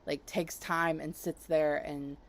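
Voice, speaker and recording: A woman hosting her own channel, chatting casually and enthusiastically, rambling with fillers and soft laughs. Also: low-pitched, little pitch movement, slow. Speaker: YouTube channel host. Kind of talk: casual chat, recommending channels.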